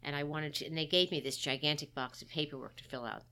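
A woman's voice: low voice, fast talker, sharp tone. A middle-aged woman, a guest, recounting a personal story in a candid, wry, self-deprecating way.

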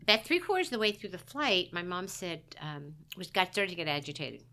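Low, bright-toned woman telling a story. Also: sing-song, a little fast. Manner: candid, wry, self-deprecating. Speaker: guest. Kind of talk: personal storytelling in conversation.

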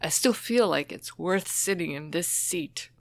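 A woman with a slightly low voice tells stories from her work training dementia caregivers. She is lively and openly emotional and laughs often mid-sentence. The sound is dry and close, with no room echo. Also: measured pace, creaky. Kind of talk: conversational storytelling.

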